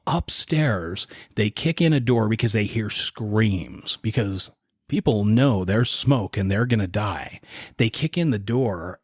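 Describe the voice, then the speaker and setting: A man co-hosting a podcast, casually retelling a dark historical story in a relaxed, conversational way. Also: lowish voice, breathy edge, no room sound, studio quality. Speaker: podcast co-host.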